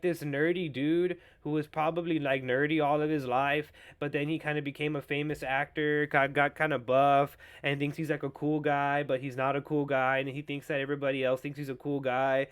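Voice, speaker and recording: A man's voice: a little high, smooth. A young man hosting a solo pop culture podcast, ranting in a profane, sarcastic and mocking way. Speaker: podcast host.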